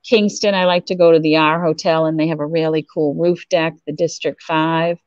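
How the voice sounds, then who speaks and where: A woman's voice: deep voice, steady tone, normal speed, dry recording. A middle-aged woman from Eastern Massachusetts with a Boston accent, chatting enthusiastically as an interview guest over lo-fi audio. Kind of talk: casual interview chat.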